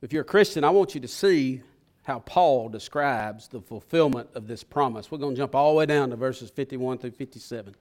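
A male pastor preaching a sermon, swelling to loud bursts and then dropping to a hush. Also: mid-range voice, a little fast.

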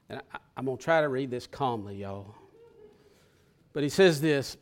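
A male pastor preaching a sermon, swelling to loud bursts and then dropping to a hush. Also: mid-range voice, animated, normal speed, long pauses.

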